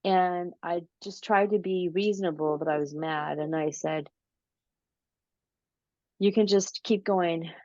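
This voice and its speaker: Slow, low-voiced woman telling a story. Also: darkish tone, dry recording. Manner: slow, drawn-out storytelling with many fillers. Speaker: interview guest, paranormal researcher. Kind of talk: casual storytelling. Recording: dull lo-fi audio.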